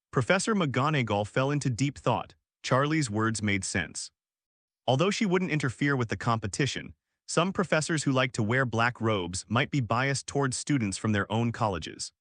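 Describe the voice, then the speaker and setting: A man narrating a story with steady, even delivery. His voice sits at a middle pitch, and the recording is dry and close, with no room sound. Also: moderate pace, no echo. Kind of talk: audiobook narration of fan fiction.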